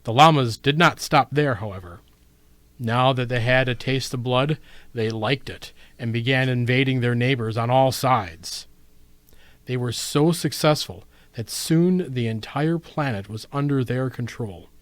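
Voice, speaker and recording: A man's voice: mid-range voice, a little slow, fairly bright tone, no echo. A man hosting a radio show about writing, announcing guests and reading a submitted story in a dramatic storyteller's manner. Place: radio studio. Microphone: studio mic.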